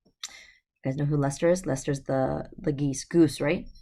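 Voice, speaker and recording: A woman with a low, dark-toned voice reads a storybook aloud from her bed at home. She keeps it casual and breaks off for chatty asides to her listeners. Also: fairly even intonation, a little slow. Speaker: storybook reader. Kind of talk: reading a novel aloud to viewers.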